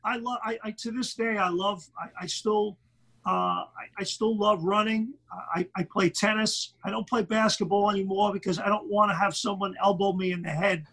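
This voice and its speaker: A middle-aged basketball commentator with a Brooklyn accent, chatting animatedly in an interview and tripping over repeated words. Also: male voice, high-pitched, steady tone, normal speed, sharp tone, slightly rough, poor audio. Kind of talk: casual interview chat.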